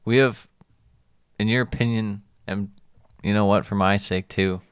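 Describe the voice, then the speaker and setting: A man's voice: on the low side, fairly even intonation, a little slow, clear, resonant tone, no echo, studio quality. A man co-hosting a sports podcast, chatting casually and a bit rambly about matches, laughing often. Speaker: podcast co-host.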